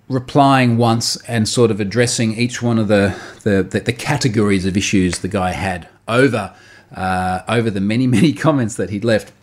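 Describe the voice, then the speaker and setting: A man, a podcast host animatedly recounting a story in casual chat, often repeating words and laughing. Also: on the low side.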